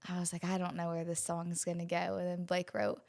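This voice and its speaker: A woman from West Virginia, a singer-songwriter guest, talking openly and hesitantly with many pauses in a relaxed interview. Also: on the low side, creaky. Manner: soft-spoken, open, hesitant with many ums. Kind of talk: casual interview chat.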